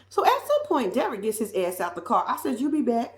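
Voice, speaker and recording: A woman's voice: fairly high pitch, wildly swooping pitch, normal speed, pauses often, roomy sound. A woman giving a blunt, profane, sassy recap of a reality TV episode, acting out what people said in exaggerated voices. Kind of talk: casual reaction commentary.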